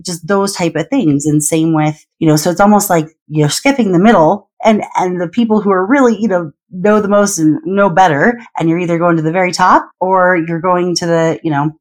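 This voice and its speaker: A woman hosting a podcast interview who talks things through loosely with many fillers. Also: fairly low pitch. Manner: thinks aloud with many "you know" fillers. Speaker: podcast host. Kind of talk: conversational interview.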